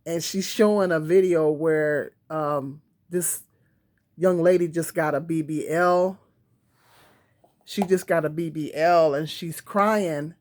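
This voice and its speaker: A woman's voice: low voice, steady tone, slow, darkish tone. Woman vlogging to her tripod cam, lots of ums and restarts, chatty and loose. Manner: rambling, many fillers and restarts. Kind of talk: casual talking-to-camera vlog. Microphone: phone or camera on a tripod.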